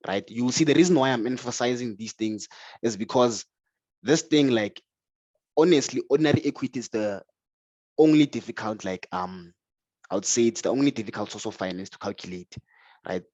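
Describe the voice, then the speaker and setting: A man's voice: on the low side, a little mellow, no room sound. A man lecturing on finance who keeps asking "right?" and answers his own questions, often repeating words as he starts. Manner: stumbles and repeats words when starting phrases. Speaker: finance tutor. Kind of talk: explanatory lecture. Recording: dull, lo-fi, dry sound.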